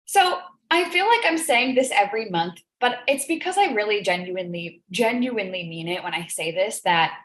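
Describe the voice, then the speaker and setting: A woman's voice: medium pitch, animated, moderate pace, few pauses. A woman hosting a live business coaching stream, talking earnestly and emotionally, repeating phrases for emphasis. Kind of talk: live-stream motivational talk. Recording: echoey room.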